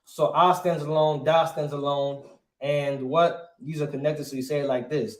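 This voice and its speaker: A man's voice: fairly high pitch, level tone, normal speed, roomy sound. A man teaching a lesson, asking rhetorical questions and punctuating points with emphatic asides. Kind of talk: classroom lesson.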